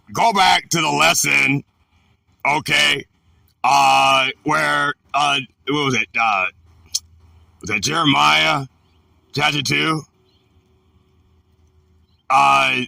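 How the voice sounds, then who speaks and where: A man teaching a Bible word-study lesson, talking haltingly with many filler pauses. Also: on the high side, creaky, bright, forceful tone, no echo, clean studio sound, far from the mic.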